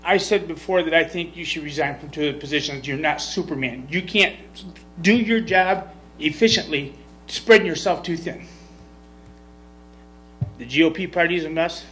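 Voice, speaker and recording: High-pitched, emotional man at a podium. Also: moderate pace, bright, forceful tone, slight background noise, low-quality recording. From Michigan. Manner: confrontational, emotional, lecturing. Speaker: public commenter. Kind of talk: public comment at a county board meeting.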